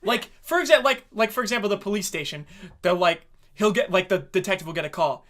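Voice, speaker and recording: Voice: medium pitch, expressive, brisk, a bit bright. A podcast co-host in casual anime review chat, swearing freely and mockingly acting out scenes.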